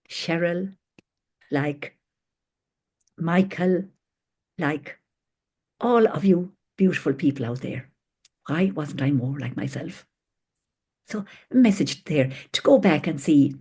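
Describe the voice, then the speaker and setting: A woman hosting a spiritual gathering over a video call, talking gently and rambling affectionately between stories. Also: deep voice, breathy edge. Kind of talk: informal spiritual talk with stories.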